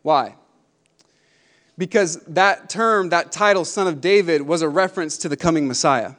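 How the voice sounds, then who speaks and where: A fervent man in his thirties preaches to a church congregation, his voice pitched high for a man. He drops to soft, chatty asides, then builds back to emphatic declarations. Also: normal speed. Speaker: pastor. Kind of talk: sermon.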